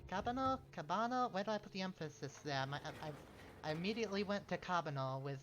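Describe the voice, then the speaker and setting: Slightly dull stream audio and faint game music accompany a man on the higher side with a fairly bright tone as he plays a strategy game. His casual chat rambles, with self-corrections and chuckling asides.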